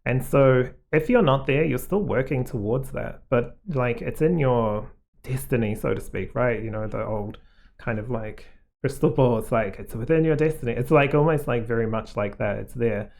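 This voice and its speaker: Gravelly man giving a rambling card reading. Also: medium pitch, normal speed. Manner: rambling, heavy on fillers like "like" and "um"; reassuring, gently advising. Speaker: tarot card reader. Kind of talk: casual spoken card reading to viewers.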